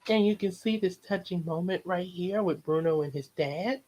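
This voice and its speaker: A woman slowly reading a storybook aloud, earnest and steady, voicing the characters as she goes. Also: on the low side, low-quality recording. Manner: slow, earnest read-aloud delivery.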